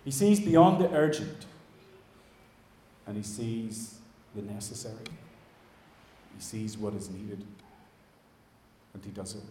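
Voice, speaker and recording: A man's voice: lowish voice, takes it slowly, long pauses, dark tone, a little hiss or hum. Pastor guy preaching, chatty, talks right to the congregation, echoey church hall. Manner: conversational, addresses the congregation directly. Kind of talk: sermon.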